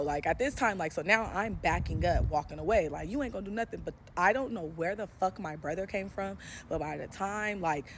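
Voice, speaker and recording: A woman's voice: medium pitch, a little hiss or hum. A woman vlogger telling a dramatic, profane true story in a story-time vlog.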